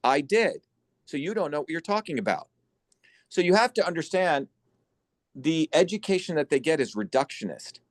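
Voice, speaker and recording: A man hosting an online symposium, lecturing forcefully and bluntly over a video call, swearing for emphasis. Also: a little high, sing-song, moderate pace, dry recording. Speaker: symposium host and educator.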